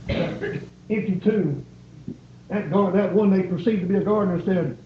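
A man's voice: high-pitched, normal speed, slight background noise. A man preaching a sermon, pleading and repeating his points with rising emphasis. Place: church. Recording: echoey, dull church recording.

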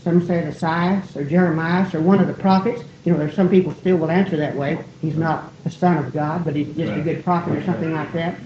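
A lower-voiced woman preaches a sermon in a church, in a folksy, wandering way, often breaking off and joking at her own expense. The sound is roomy and echoing. It is also dull and lo-fi, with a faint hiss under it. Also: fairly even intonation, fairly quick, few pauses. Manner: digressive, folksy, self-deprecating.

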